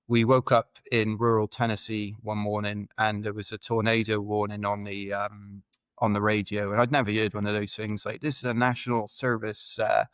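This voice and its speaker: A British man appears as a podcast guest, telling rambling, self-deprecating anecdotes in casual chat. His voice is lowish with a clean tone, recorded with no room sound.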